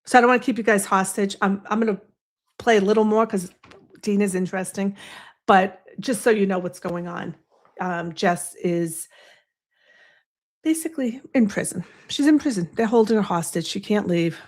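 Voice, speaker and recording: A woman's voice: medium pitch, moderate pace. A woman with a Boston accent hosting a casual livestream from home, rambling and chatting with asides to her viewers. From US East Coast. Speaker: livestream host. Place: home, snowy window behind. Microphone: desk microphone.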